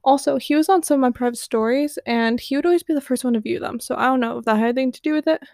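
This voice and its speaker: A teenage girl sits close to the mic and tells her story frankly, swearing freely and packing her sentences with "like". Her voice sits high but has a gravelly fry under it, and the sound is dry with no room around it. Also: very fast, a little mellow, no echo. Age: teens. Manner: chatty, candid and profane, heavy use of "like". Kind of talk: casual storytelling.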